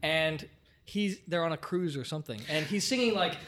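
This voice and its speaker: A man co-hosting a casual movie podcast, animated and laughing as he acts out scenes. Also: fairly high pitch, moderate pace. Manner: animated, laughs while acting out quotes. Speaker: podcast co-host. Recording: roomy sound with faint noise.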